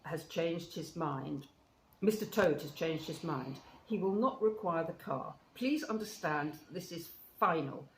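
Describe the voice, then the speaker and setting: A woman voicing a stern, commanding old male badger in a storybook reading, with slow, deliberate pronouncements. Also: low-pitched, lively intonation. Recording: roomy with faint hiss.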